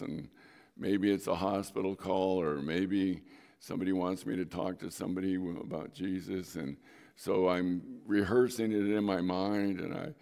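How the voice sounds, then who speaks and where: A middle-aged man preaching a sermon, his lowish voice carrying a gravelly edge. He talks like he's telling stories to friends, then suddenly pushes his voice up for emphasis. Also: darkish tone. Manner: conversational storytelling with sudden emphatic rises. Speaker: pastor.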